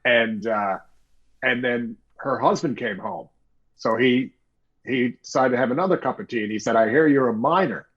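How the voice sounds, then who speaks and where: A middle-aged man from Canada, a guest author being interviewed, telling stories with animated quoted voices. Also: medium pitch, normal speed, husky, muffled recording. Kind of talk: storytelling interview talk.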